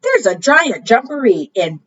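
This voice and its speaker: A woman voicing a big swaggering bear in a storybook, bellowing loudly. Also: fairly high pitch, very animated, measured pace. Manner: loud bellowing cries. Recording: dull distant recording.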